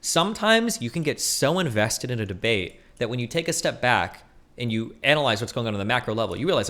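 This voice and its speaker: Fast, animated man ranting on stream. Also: medium pitch. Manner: fast, heated, profane arguing with animated mock voices. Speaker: streamer reacting to a debate. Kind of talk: casual livestream commentary.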